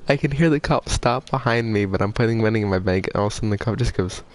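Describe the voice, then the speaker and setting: A man's voice: fairly low pitch, fast talker, no room sound, poor audio. A man hosting a casual gameplay session, teasing his friend and laughing often. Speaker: gaming channel host.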